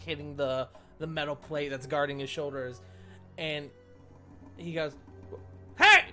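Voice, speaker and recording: A man narrating a tabletop game as game master, animated and laughing often, jumping into loud character quotes. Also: a little high.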